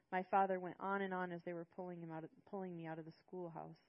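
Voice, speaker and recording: A woman narrating a first-person audiobook in a hushed, sorrowful manner. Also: lowish voice, level tone, quick pace, few pauses, highs cut off.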